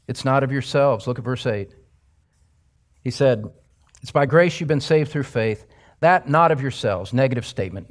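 A middle-aged man preaching a sermon as pastor, emphatic, swinging from loud exclamations to hushed near-whispers. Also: mid-range voice.

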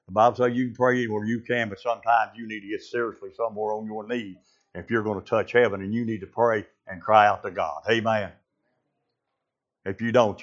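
A man's voice: fairly low pitch, steady tone, a little fast, a bit bright, lo-fi sound. A man preaching a sermon, fervent and full of "uh" fillers, calling out to his congregation. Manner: fervent, with frequent "uh" fillers and call-outs to the congregation.

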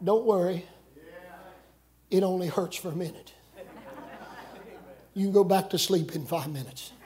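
A middle-aged man preaching a camp meeting sermon, folksy and joking, breaking into shouts. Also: sits high, a little slow. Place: church camp meeting with congregation.

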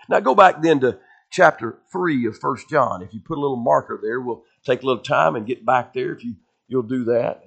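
A man's voice: medium pitch, creaky. A middle-aged man preaching a revival sermon in a church, telling his own story in an earnest, conversational way with repeated phrases. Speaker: pastor. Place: church sanctuary.

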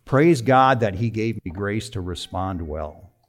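A middle-aged man preaching a sermon, telling a personal story with emotion, moving from quiet to emphatic. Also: lowish voice, animated, measured pace. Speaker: pastor.

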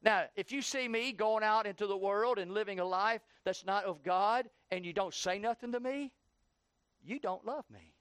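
A man pastor preaching a sermon in a church, building to heated rapid questioning and then easing down. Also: sits high, fairly bright tone, clear, resonant tone, dry recording.

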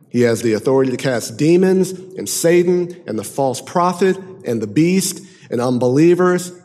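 A man preaching a sermon emphatically, moving from loud declaiming to hushed, intense passages. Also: medium pitch. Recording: long hall reverb.

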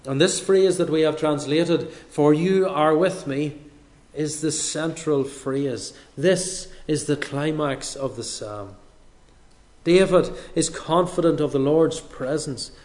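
A man delivering a sermon at an unhurried, deliberate pace. His voice sits a little higher than most men's, and he leans on pauses for weight. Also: darkish tone. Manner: slow, measured delivery with dramatic pauses. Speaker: preacher.

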